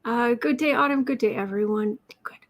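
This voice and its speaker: Tarot reader host, woman, slightly high voice, loose and chatty, thinks aloud between questions. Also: normal speed. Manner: chatty, reads out questions, talks to her cat in a soft baby voice. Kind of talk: casual livestream chat.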